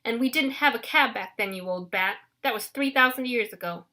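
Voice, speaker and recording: A woman voicing a hot-tempered old hag taxi driver who wails and yells. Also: on the high side, fairly quick. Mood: yelling. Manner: wailing, yelling.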